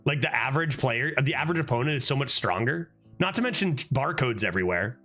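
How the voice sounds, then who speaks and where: A man's voice: mid-range voice, fast talker, faint music behind. A man streaming a card game, chatting casually, swearing and breaking into laughing outbursts. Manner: animated, swears often, frequent laughing outbursts. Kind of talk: casual gameplay commentary.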